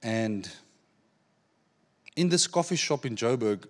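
A man preaching a sermon, telling a personal story in an animated way, acting out the dialogue and repeating words as he goes. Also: medium pitch, slow pace. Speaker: pastor.

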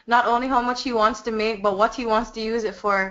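A woman's voice: a little high, fairly even intonation, quick pace, a bit bright. A Jamaican woman co-teaching a live webinar, playful and teasing, laughing easily. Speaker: co-instructor. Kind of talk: joking webinar banter. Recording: dull lo-fi webinar audio.

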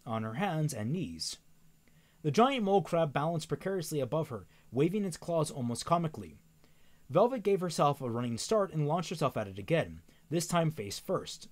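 Man reading a novel aloud, animated, stumbles and self-corrects, wry comments. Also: fairly high pitch.

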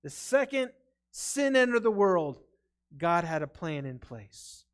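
A man's voice: high-pitched, sing-song, slow, smooth. A man preaching a sermon in a church, earnest and conversational, stumbling over his words now and then. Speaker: pastor. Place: church sanctuary.

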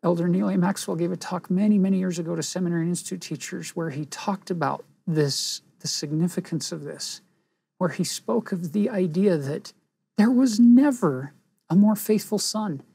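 A woman teaching a scripture lesson in an earnest, reflective way, pausing for emphasis. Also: fairly low pitch, vocal fry, dark tone, slightly rough, dry recording.

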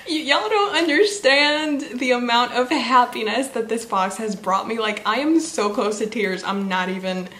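A bubbly young woman with a slightly high voice gushes and giggles through a casual book vlog. She sounds emotional and fills her talk with "like". Her voice rings in an echoey room. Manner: gushing, giggly and emotional, many "like" fillers. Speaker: book vlogger. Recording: echoey room with faint noise.

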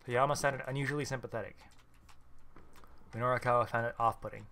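A man casually reading a visual novel aloud as a let's player, with quick reactions of his own. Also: mid-range voice, steady tone, sharp tone. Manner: casual, swears in surprised reactions.

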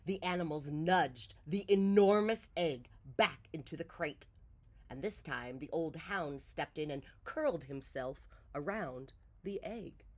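A woman reading a children's picture book aloud, with expressive storytelling. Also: low-pitched, measured pace.

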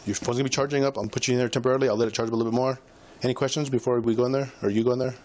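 A male police officer recorded on a body camera, talking at a middling pitch as he patiently coaches a breath test with short, repeated commands. The audio is noisy, with a clear hiss and room sound under his voice. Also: steady tone, very fast, darkish tone. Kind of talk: bodycam breath test instructions.

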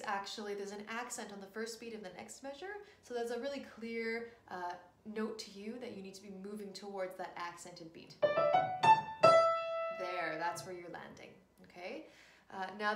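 A young woman teaching a short piano lesson, upbeat and encouraging, speaking straight to the student between played passages. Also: mid-range voice. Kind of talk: friendly mini lesson with piano demonstrations. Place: room with a piano. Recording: echoey room with loud piano.

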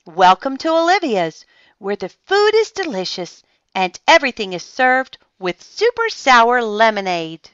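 Casting: woman voicing a bossy, excitable little girl, high and lively, storybook reading, dull dry recording. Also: a little slow, no echo. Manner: eager, commanding, high and bouncy. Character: bossy energetic young girl running a stand. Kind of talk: storybook character voice.

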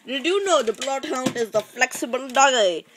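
A woman's voice: high-pitched, lively intonation, moderate pace, noisy background. A woman chatting casually and goofily, exclaiming a lot and swearing. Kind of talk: casual chat.

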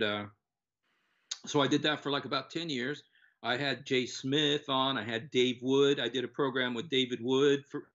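Older man, earnest personal testimony, halting delivery, muffled lo-fi sound. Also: medium pitch, a bit bright. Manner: earnest, halting with many fillers. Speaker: interviewee, former TV presenter. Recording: dull lo-fi recording.

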